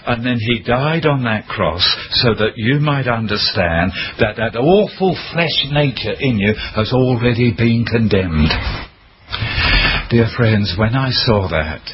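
Slow impassioned preacher on lo-fi radio. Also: male voice, medium pitch, expressive, a little hiss or hum. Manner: impassioned, emphatic preaching with dramatic quoted cries. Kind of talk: sermon.

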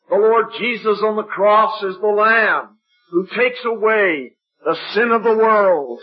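Husky-voiced preacher in a gospel meeting. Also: male voice, fairly high pitch. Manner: emphatic, dwelling on repeated phrases, dropping to a hush. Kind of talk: evangelistic sermon. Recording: dull lo-fi recording.

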